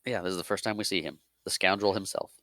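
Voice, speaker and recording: A man co-hosting a podcast, talking casually about a film, laughing often and slipping into quick character voices. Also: low voice, steady tone, sharp tone, no room sound. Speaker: podcast co-host. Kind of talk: casual movie chat.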